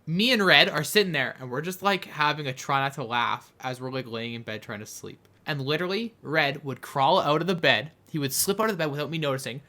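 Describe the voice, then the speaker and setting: A young man from Canada spins a rambling story for a casual podcast chat, breaking into laughter as he goes. His voice is bright and forward, sitting a little higher than most men's. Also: brisk, few pauses. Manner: animated, rambling anecdote with frequent laughter. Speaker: podcast host.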